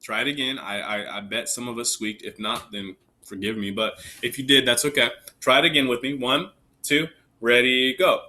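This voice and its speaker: A man's voice: mid-range voice, a little fast, few pauses, background noise. A man teaching young children a recorder lesson, patient and encouraging, counting the beats aloud with them. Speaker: elementary music teacher. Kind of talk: recorded online music lesson.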